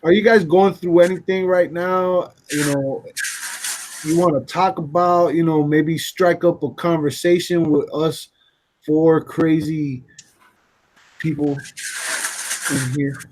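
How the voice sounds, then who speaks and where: A man's voice: a little high, steady tone, takes it slowly, long pauses, darkish tone, a little hiss or hum. A man co-hosting a live stream, chatting casually and talking straight to the viewers in the chat. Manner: playful, addresses the chat directly. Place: lived in Texas.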